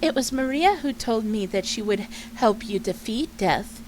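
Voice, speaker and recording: A woman streamer puts on a devoted young hostess from a dark video game, speaking in a raised, soft, sing-song voice. She sounds wistful and earnest, with a faint hiss in the background. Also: on the high side, lively intonation, a little slow, poor audio. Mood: confiding. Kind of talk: reading game dialogue aloud.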